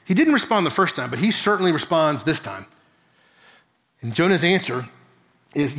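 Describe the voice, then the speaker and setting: A male Bible teacher preaching in a large church hall, his slightly high voice carried on a long reverb. He explains earnestly, asks the room rhetorical questions and corrects himself mid-sentence. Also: expressive, moderate pace, gravelly, pauses often, a bit bright. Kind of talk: sermon.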